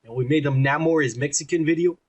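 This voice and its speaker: Loud crude Texan man with husky voice. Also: fairly high pitch, quick pace. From Texas. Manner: loud, crude, laughing, swearing. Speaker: podcast co-host. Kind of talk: casual profane banter, reading comments.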